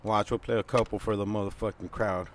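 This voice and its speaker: A man's voice: lowish voice, steady tone, brisk. A young man co-hosting a casual chat, talking loose and slangy with lots of cursing. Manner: profane, laid-back, slangy. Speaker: podcast co-host.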